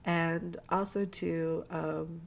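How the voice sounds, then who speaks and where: Low-voiced, profane woman podcast co-host. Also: very slow, gravelly. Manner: loose, profane and animated, with quoted asides. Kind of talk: casual chat.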